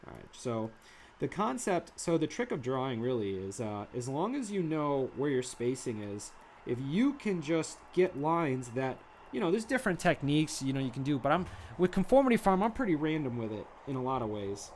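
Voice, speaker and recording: A man's voice: medium pitch, sing-song, normal speed, a little mellow, a little hiss or hum. A man livestreaming as he draws at his desk, chatting casually and rambling between jokes. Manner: rambling, playful, sings silly made-up ditties. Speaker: artist streaming his drawing. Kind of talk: casual livestream chat while drawing. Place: home studio at a drawing desk.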